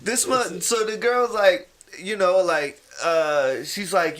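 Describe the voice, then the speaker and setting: A man's voice: high-pitched, slow, hardly any pauses. A man, telling a long story on a podcast in casual chat and acting out the people in it. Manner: animated storyteller, acts out others' voices. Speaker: podcast co-host.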